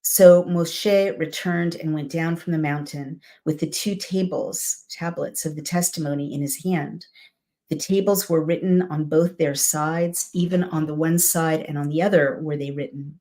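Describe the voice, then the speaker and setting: A woman's voice: low-pitched, fairly even intonation, measured pace, warm tone. A woman reading a Bible passage aloud and breaking off for reflective, conversational commentary, often checking in with "right?". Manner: reflective, conversational asides with "right?" and "you know". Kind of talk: scripture reading with personal commentary.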